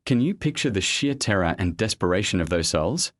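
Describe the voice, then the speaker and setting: A man giving grave, measured scripted documentary narration, often posing rhetorical questions. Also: sits low, sing-song, no echo.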